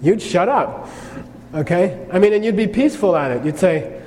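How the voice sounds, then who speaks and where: A man gives a Buddhist lecture on karma in a conversational manner, checking in often with "okay?" He sounds expressive, with a high-sitting voice, a dark tone, and normal speed. The audio carries long reverb and faint noise.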